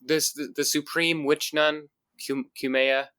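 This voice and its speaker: A man's voice: on the high side, little pitch movement, a little slow, bright, forceful tone, no room sound. A man co-hosting a casual podcast about comics, talking enthusiastically with lots of fillers. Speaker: podcast co-host. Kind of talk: casual chat.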